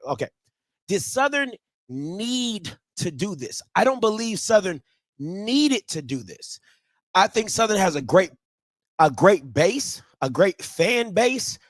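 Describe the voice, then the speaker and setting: A man with a Baltimore accent hosts a sports talk show in an unusually high voice. He talks in rapid, emphatic bursts and breaks into shouts. The sound is dry and close. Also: dry recording. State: out of breath. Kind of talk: excited sports commentary with call-ins.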